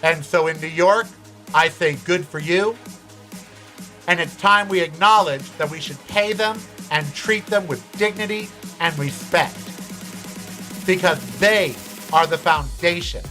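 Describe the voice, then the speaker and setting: A man's voice: on the high side, a little slow, bright, forceful tone, faint music behind. An American man hosting a show, telling a personal story and ranting bluntly with profanity. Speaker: host. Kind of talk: opinionated monologue.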